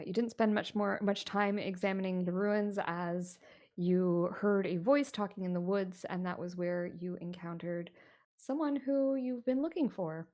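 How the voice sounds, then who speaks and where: A woman's voice: fairly low pitch, a little mellow. A woman running a tabletop horror game as game master, narrating steadily with many fillers.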